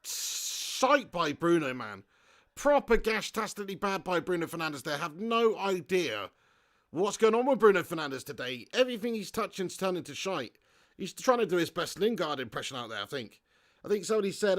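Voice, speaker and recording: A man hosting a live football watch-along, reading viewer chat aloud, swearing freely and bursting into shouts at big moments. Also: fairly high pitch, animated, fairly quick. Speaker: fan channel host. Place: home setup in front of a green screen.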